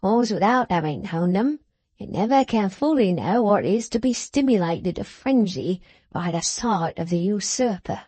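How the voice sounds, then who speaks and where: A woman voicing a pompous, scheming older man who talks in florid, drawn-out, wheedling phrases. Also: medium pitch, animated, mellow, husky, dry recording.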